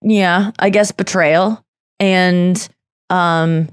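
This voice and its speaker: A woman hosting a podcast in casual chat, candid and confessional, talking quickly with laughs and nursing an irritated throat. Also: on the low side, fairly even intonation, clear, resonant tone, dry recording, clean studio sound. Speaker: podcast host.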